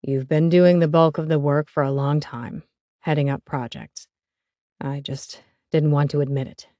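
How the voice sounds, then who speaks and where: A woman voicing a gruff older father and builder handing over his business, speaking in a halting, hesitant way. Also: low-pitched, fairly even intonation, dark tone, no echo, voice pushed down, natural voice.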